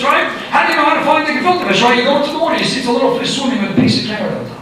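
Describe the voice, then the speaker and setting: A man's voice: extremely high pitch, animated, racing, few pauses. A man, a rabbi, giving a storytelling Torah lecture full of Hebrew and Yiddish terms. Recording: echoey hall, speaker far from mic, faint noise.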